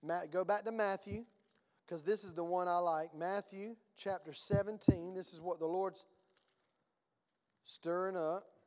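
A man's voice: high-pitched, fairly even intonation, a little slow, in a large hall. A male pastor preaching a sermon in a conversational, emphatic way, with rhetorical questions and folksy phrasing.

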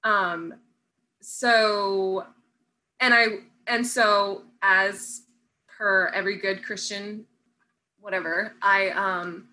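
A woman's voice: mid-range voice, fairly even intonation, drawn-out words, sharp tone. A woman guest in a podcast interview, speaking casually and hesitantly with many fillers and ready laughter.

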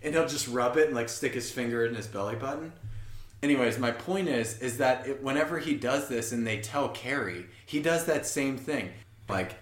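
A man's voice: medium pitch, normal speed, reverberant. A man co-hosting a podcast, telling rambling stories in casual chat, swearing and acting out other people's voices. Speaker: podcast co-host.

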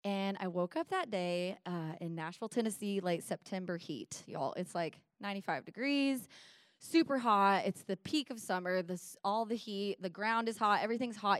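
A young woman telling a bawdy comic story, animated and full of voiced asides. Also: medium pitch, dry recording, studio quality. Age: young adult.

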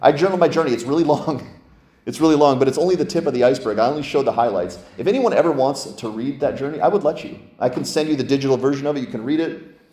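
A man, a lead pastor, preaching a lively, conversational sermon full of rhetorical questions. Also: medium pitch, quick pace, roomy sound. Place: church sanctuary.

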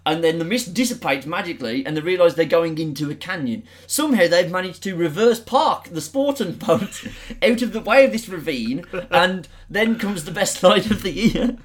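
A man's voice: high-pitched, moderate pace, hardly any pauses. A man retelling a film plot in casual, sweary chat, laughing often. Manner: animated, laughing, sweary storytelling.

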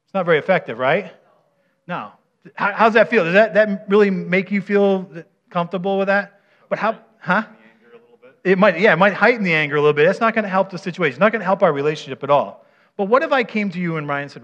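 Preaching a conversational sermon while leading a live demonstration, a pastor keeps checking in with the congregation, often adding "right?" and asking questions. His voice is high-pitched, brisk, and a bit bright, on a dull, muffled recording.

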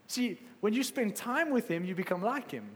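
A man preaching a sermon with passion, swinging between loud exclamations and quiet, soft stretches. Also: high voice, lively intonation, moderate pace, in a large hall. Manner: passionate, rising to exclamations then dropping soft.

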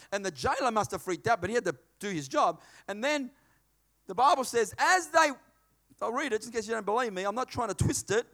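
High-voiced preacher, animated. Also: male voice. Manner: animated storytelling, acts out dialogue in a hushed voice. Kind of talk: sermon.

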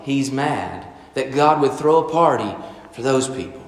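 A man preaching a sermon, telling a story and acting out the voices in it, swinging from loud to soft. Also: medium pitch, lively intonation, a little slow. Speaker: pastor. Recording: echoey hall.

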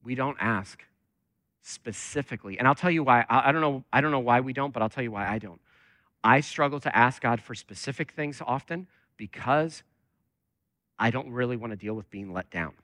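A man's voice: medium pitch, moderate pace, bright, forceful tone, no room sound. A man preaching a conversational sermon as lead pastor, talking with many fillers.

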